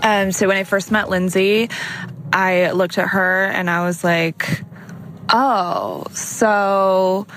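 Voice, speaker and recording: A woman's voice: mid-range voice, fairly bright tone, low-quality recording. A young woman recording a heartfelt, reflective birthday message for a friend, with frequent ums and you knows. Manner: heartfelt and reflective, with many fillers. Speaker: friend giving a birthday tribute.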